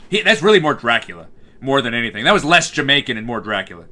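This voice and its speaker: A man's voice: medium pitch, very animated, fast, pushed and bright. A man streaming live, chatting casually and reading comments, rambling with fillers and restarts.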